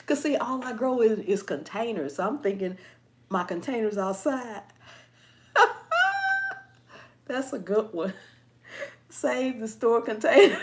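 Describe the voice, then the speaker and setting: A woman's voice: medium pitch, normal speed, slight background noise. A woman hosting a gardening channel, chatting casually and reading viewer comments, playful and laughing often.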